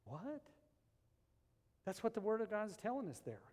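A man's voice: high voice, sing-song, very fast. Dynamic preacher man in a reverberant hall. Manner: swings from hushed and intimate to loud and emphatic. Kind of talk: sermon.

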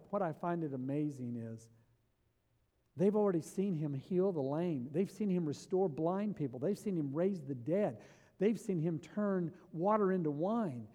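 A man preaching with a somewhat high voice that carries a long reverb, as if in a big hall. He swings from loud, eager emphasis to hushed, intense asides, driving each point home. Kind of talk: sermon.

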